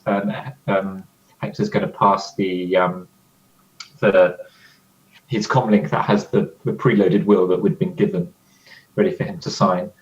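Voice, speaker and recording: A man playing a tabletop game, hesitant and halting, describing his character's actions and speaking in character. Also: deep voice, flat delivery, highs cut off. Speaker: player.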